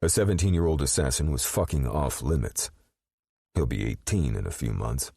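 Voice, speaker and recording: A man narrating an audiobook in a measured, expressive storytelling manner. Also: rumbling low, gravelly, breathy edge, dry recording, clean studio sound.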